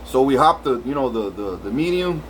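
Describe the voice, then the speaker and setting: A man's voice: mid-range voice, sing-song, moderate pace, a little hiss or hum, rough recording. A man telling a rambling story full of swearing, restarts and filler. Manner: rambling, profane, many restarts. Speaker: vlogger.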